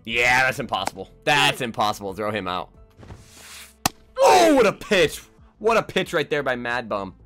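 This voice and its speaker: A young man giving live, trash-talking commentary on his own baseball video game, jumping between low mutters and sudden yells. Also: lively intonation, a little fast, hardly any pauses, faint music behind. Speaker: gaming YouTuber.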